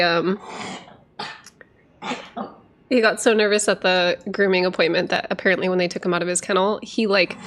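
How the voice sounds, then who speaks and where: A woman's voice: medium pitch, a bit bright. A woman streaming a video game, chatting casually and giggling, who switches to baby talk with her dog. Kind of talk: casual live-stream chat.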